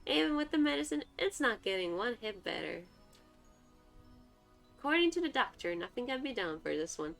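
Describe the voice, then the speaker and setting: A woman's voice: on the high side, big pitch swings, normal speed, gravelly, long pauses, a bit bright, soft background music, exaggerated voice. A woman reading as a cheerful crafty old servant woman. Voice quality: plain reading voice, no granny voice.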